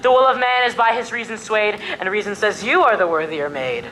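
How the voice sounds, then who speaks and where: A woman's voice: medium pitch, animated, brisk, fairly bright tone, a little hiss or hum, natural voice. A young woman playing an ardent young male lover in a school stage play, declaiming verse earnestly. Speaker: student actor.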